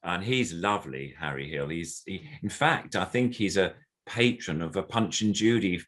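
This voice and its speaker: An older man, a puppeteer on as a guest, is animated as he tells a casual story, acting out other people's lines amid plenty of fillers and rambling. His voice sits low and is fairly bright, at normal speed.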